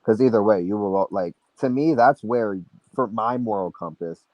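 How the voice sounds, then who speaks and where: A man's voice: lowish voice, moderate pace, highs cut off. A young man co-hosting a casual chat, rambling and chatty with many restarts. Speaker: podcast co-host.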